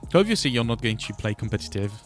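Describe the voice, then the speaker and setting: A man hosting a podcast interview, speaking casually and hesitantly with many pauses and restarts. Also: on the low side, very animated, soft background music. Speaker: podcast host.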